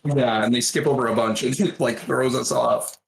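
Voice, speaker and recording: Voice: mid-range voice, steady tone, normal speed, vocal fry. A streamer chatting casually in a home kitchen while cooking, with a sarcastic, rambling manner. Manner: sarcastic, chatty, fond of fillers. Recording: roomy kitchen with faint noise.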